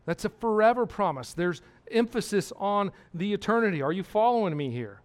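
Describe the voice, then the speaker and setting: A man's voice: sits high, lively intonation, fairly quick. A man preaching a sermon, emphatic and repetitive, asking his listeners questions.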